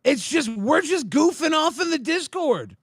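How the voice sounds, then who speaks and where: A man explaining himself defensively in a recorded call, hesitant and halting, stumbling over his words. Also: extremely high pitch, lively intonation, no echo, studio quality.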